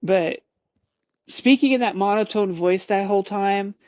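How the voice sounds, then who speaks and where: Woman streamer chatting to chat, slow and laid back, lots of laughing and swearing. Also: mid-range voice, no echo, studio quality. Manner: laughs often, swears casually, animated storytelling. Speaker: roleplay streamer.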